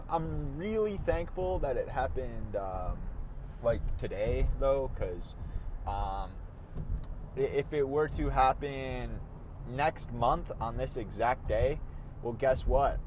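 A man's voice: a little high, poor audio. A young man telling a story in casual, rambling chat while he drives through city traffic, swearing now and then at other drivers. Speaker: vlogger. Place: inside a car in city traffic. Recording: faint car and street noise.

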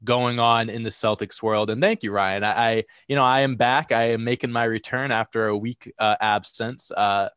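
A man's voice: medium pitch, moderate pace, hardly any pauses, clean tone, dry recording, studio quality. Congested man hosting a sports podcast. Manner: energetic, rambling with fillers and restarts. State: congested from a cold. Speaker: podcast host. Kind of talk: casual sports podcast chat.

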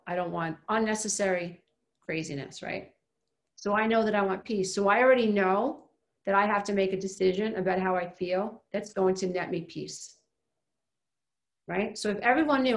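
A woman speaks in a mid-pitched voice with a noticeable gravelly fry. She gives an emphatic motivational talk, repeating her key points and throwing in rhetorical questions. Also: moderate pace. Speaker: self-help speaker.

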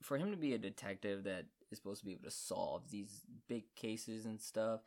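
A man co-hosting a laid-back podcast conversation. He sounds unimpressed and halting, circling back over his points with fillers and restarts. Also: fairly low pitch, animated, a little mellow. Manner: unimpressed, hesitant, repeats himself. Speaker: podcast co-host. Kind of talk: casual chat reviewing a film.

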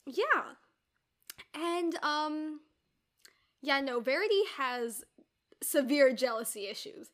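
A young woman in casual chat, chatty and opinionated with quick asides. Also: high voice, lively intonation, a bit bright.

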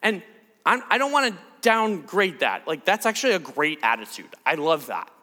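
Animated preacher man in a reverberant hall. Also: sits high, normal speed. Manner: casual, animated, acts out quotes. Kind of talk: sermon.

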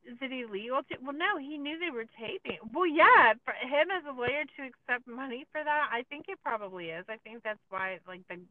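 A woman's voice: sits high, animated, fairly quick, few pauses, no room sound. A woman co-hosting a podcast, recapping a documentary in casual chat, with many filler likes and sarcastic asides. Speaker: podcast co-host. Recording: tinny phone-like sound, dry.

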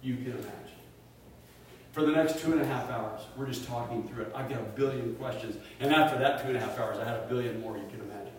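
A middle-aged man preaching a sermon and telling a personal story, animated, dropping to hushed tones when he quotes family. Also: medium pitch, fast talker. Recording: echoey room, speaker far from mic, faint hiss.

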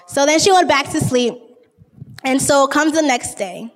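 A woman's voice: high-pitched, a little slow, in a large hall, slight background noise. A woman, casually and goofily retelling a Bible story in her own words. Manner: goofy, chatty, uses lots of "like". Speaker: informal Bible teacher.

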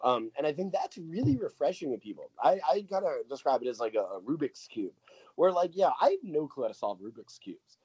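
A man's voice: on the high side, big pitch swings, brisk, a little mellow, breathy edge, no echo, muffled recording. A man speaking as a guest from a voter nonprofit, earnest and thinking aloud with lots of fillers and restarts. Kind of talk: casual conversational interview.

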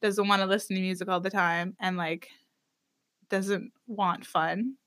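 A young woman in casual podcast chat, animated and giggly with lots of "like". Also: medium pitch, unhurried.

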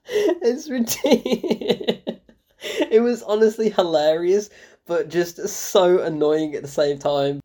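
Woman reviewer, low-ish voice, exasperated ranting with laughs. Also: warm tone. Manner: exasperated, swearing, laughing in disbelief. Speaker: film reviewer.

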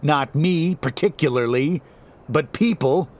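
A man's voice: fairly high pitch, unhurried, a little mellow, voice pushed up. A man doing a tense, defiant teenage boy. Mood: urgent. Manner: raised, strained, urgent.

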